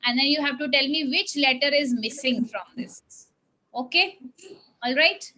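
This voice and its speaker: A woman's voice: high-pitched, measured pace, sharp tone, slight background noise, low-quality recording. A woman teacher, leading young children through a spelling lesson in a patient, coaxing way. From India. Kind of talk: classroom phonics lesson with children.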